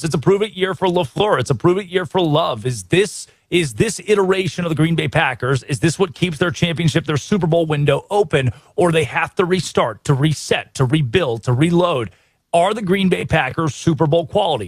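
Man, American, sports talk host, fairly high pitch, dry close mic, energetic rhetorical delivery. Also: fairly quick, dry recording. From United States. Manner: energetic, opinionated, rhetorical questions.

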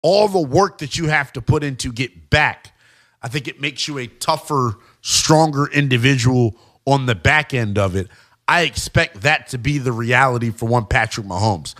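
A man's voice: medium pitch, normal speed. A man giving an emphatic football analysis monologue, talking straight to his viewers. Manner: emphatic, animated, addresses viewers as guys and y'all. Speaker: sports commentator.

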